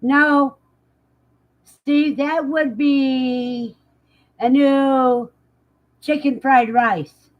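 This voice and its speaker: A woman's voice: high-pitched, steady tone, muffled recording. A woman hosting a livestream, casually reading out viewers' comments and answering them, laughing often. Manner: unhurried, chatty, laughs often. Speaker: livestream host.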